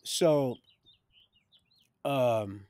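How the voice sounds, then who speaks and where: A man's voice: medium pitch, drawn-out words, darkish tone, smooth, dry recording. A man tells his own story in a loose, rambling way, circling back and repeating words as he goes. His mid-range voice sounds dry and close to the mic. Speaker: livestream storyteller.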